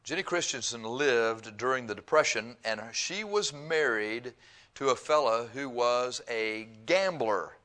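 A middle-aged man preaching, telling a story in a folksy, animated way with chuckles and quoted voices. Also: medium pitch, unhurried. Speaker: pastor. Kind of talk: sermon with storytelling.

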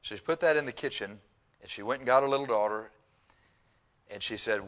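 A middle-aged man preaching, telling a story in a folksy, animated way with chuckles and quoted voices. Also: mid-range voice, fairly quick, pauses often. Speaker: pastor. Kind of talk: sermon with storytelling.

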